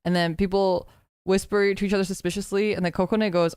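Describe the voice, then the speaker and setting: A woman's voice: medium pitch, brisk, fairly bright tone, clear, resonant tone, dry recording, clean studio sound. A woman streamer in casual chat, laughing as she reads out her old skit scripts.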